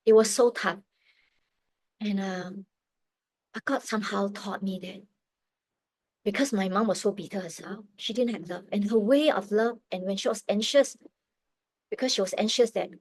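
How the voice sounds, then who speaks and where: Middle-aged woman telling her faith story; earnest, halting, close and dry. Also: mid-range voice, darkish tone, dry recording, low-quality recording. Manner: earnest, emotional, halting with restarts. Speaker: testimony speaker. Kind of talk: personal faith testimony.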